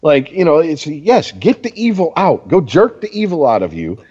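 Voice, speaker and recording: Husky, animated man ranting. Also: on the high side, moderate pace, in a large hall, highs cut off. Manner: ranting, heavy swearing, animated. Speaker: podcast co-host. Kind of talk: profane casual sports chat.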